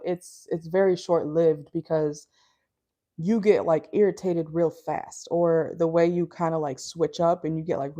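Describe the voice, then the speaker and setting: A woman's voice: lowish voice, mellow. Blunt chatty Minnesotan woman reading tarot. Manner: chatty, blunt and laughing, with lots of fillers. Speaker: tarot reader. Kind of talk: casual tarot reading for viewers. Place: parked car.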